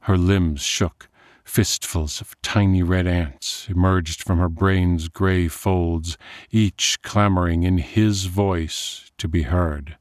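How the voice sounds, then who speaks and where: A man narrating a dark story in a measured, atmospheric way. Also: sits low, steady tone, dry recording, clean studio sound.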